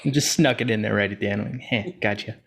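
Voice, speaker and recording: A man co-director in a casual group video chat, relaxed and amused in short remarks. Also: lowish voice, racing, gravelly, slightly rough.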